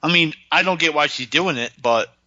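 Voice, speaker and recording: A man co-hosting a casual wrestling podcast, telling stories in an animated way and swearing freely. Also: on the high side, normal speed, no echo, dull audio. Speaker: podcast co-host. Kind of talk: casual chat watching wrestling.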